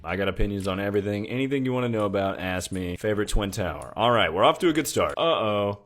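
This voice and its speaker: Man, fairly low voice, deadpan crude one-liner comic. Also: fast. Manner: deadpan, crude and irreverent humor. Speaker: comedy short-form creator. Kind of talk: casual joking one-liners.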